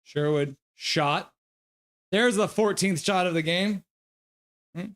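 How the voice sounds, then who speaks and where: Guy streaming a game, kinda high voice, reading chat out loud and cooing at his dog. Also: slow. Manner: reads viewer comments aloud; gives loose play-by-play. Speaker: live stream host. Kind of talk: casual live game reaction and chat reading.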